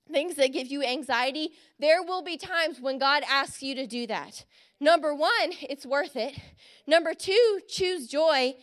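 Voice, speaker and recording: Woman, young adult, sermon, high voice, earnest, encouraging, slow drawn-out emphasis. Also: fairly bright tone. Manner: earnest and encouraging, stretches key phrases slowly. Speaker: speaker giving a Christmas message.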